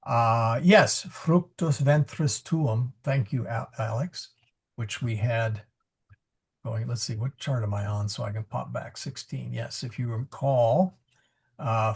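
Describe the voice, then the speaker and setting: A man's voice: mid-range voice, gravelly, husky. A man teaching Latin pronunciation in a live class over a video call, patiently explaining and correcting himself as he goes. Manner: patient, explanatory, self-correcting with frequent fillers.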